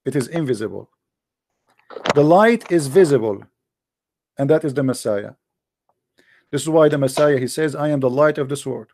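A man hosting a live debate, explaining his points patiently in casual, animated talk and checking often that the listener follows; English is not his first language. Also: mid-range voice, moderate pace, pauses often, slight background noise. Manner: animated, lively storyteller. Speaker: debate host.

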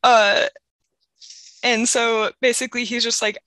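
A young woman with a bright, lively tone casually retells scenes from a book as a podcast co-host. She talks in a chatty way full of "like" and easy laughter. The sound is dry and close, with almost no room echo. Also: a little high, measured pace.

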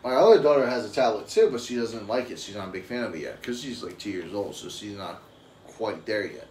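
A man's voice: lowish voice, animated, fairly quick, darkish tone. A young adult man and father talking casually on a live stream, telling rambling, profane stories. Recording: roomy echo with faint ambient noise.

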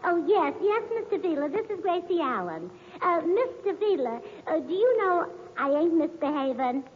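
A woman's voice: very high voice, very animated, moderate pace, a little hiss or hum. A woman in 1940s radio comedy acting, playing a dizzy, scatterbrained wife with chirpy delivery. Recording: dull lo-fi 1940s radio recording in a hall.

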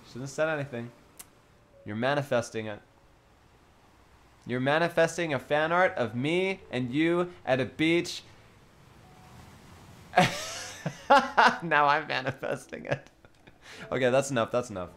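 A man's voice: medium pitch, measured pace, long pauses, fairly bright tone. A young man streaming casually, joking with his chat and laughing often.

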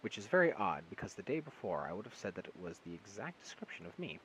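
A man's voice: on the low side, sing-song, quick pace, a bit bright, a little hiss or hum, rough recording. A man reading a short story aloud in a casual single take, often stumbling and correcting himself, with amused asides. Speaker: audiobook reader.

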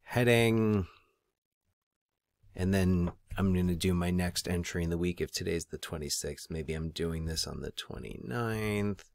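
A low-pitched male teacher walks students through a screen-recorded tutorial, thinking aloud as he clicks. His voice is deep and sits close to the mic in a dry, deadened space. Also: measured pace, no echo.

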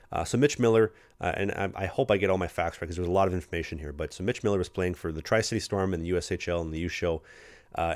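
A young man with a Canadian accent, a pro hockey rookie co-hosting a podcast, rambling through anecdotes and acting out his teammates. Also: low voice. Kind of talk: casual storytelling chat.

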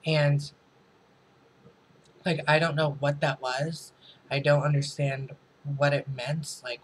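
Chatty, profane vlogger man, flat delivery. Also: fairly high pitch, a little hiss or hum, poor audio. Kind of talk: casual storytime vlog. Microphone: camera mic.

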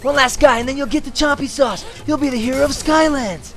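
A man in his thirties giving excited let's-play commentary as a dad coaching his son, yelping and shouting at setbacks. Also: very high-pitched, fairly quick, soft background music. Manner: animated, yelps and shouts at setbacks. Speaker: gameplay video host, dad.

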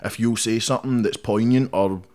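A young Scottish man with a fairly low voice talks bluntly through a casual interview. He swears freely and drops "mate" into almost every sentence. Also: fairly even intonation, brisk, a little mellow. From Scotland. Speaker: rapper guest.

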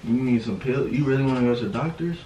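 A man's voice: mid-range voice, fast talker, mellow, dull audio. A young man at home speaks urgently, pressing the same orders again and again. His voice sits mid-range. The room has an echo, with faint noise behind him. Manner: urgent and insistent, repeating orders. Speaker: boyfriend. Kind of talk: casual talk at home.

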